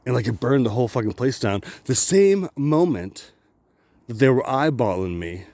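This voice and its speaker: A man's voice: mid-range voice, big pitch swings, normal speed, mellow, no echo. A man vlogging a rambling personal story, swearing constantly, laughing often and restarting his sentences.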